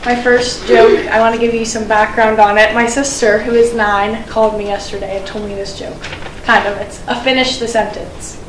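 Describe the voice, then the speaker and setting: A young woman telling one-liners as a student comic, deadpan and hesitant with frequent ums. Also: a little high, normal speed, a little hiss or hum. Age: young adult. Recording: echoey room, mic far off.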